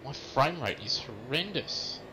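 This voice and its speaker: A man racing with friends, making tired, deadpan complaints over voice chat. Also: mid-range voice, measured pace, background noise. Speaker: fellow racer on voice chat.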